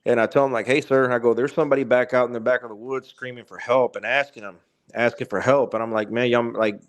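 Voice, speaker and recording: A man's voice: medium pitch, fairly even intonation, fast. A man, telling a spooky story as a podcast guest in a rambling way with many fillers and restarts. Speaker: podcast guest, truck driver. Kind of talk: casual storytelling.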